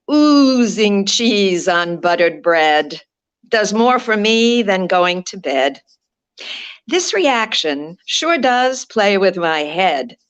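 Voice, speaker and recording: Slow, lively woman reading poems. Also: medium pitch, clear, resonant tone. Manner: playful rhyming delivery with frequent laughter. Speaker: poet. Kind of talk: poetry reading.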